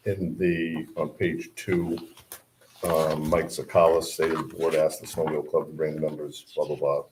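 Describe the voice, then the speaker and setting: Low-voiced man at a town board meeting. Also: a little mellow, slight background noise, rough recording. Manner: halting, self-correcting, apologetic. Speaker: select board member. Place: town hall meeting room.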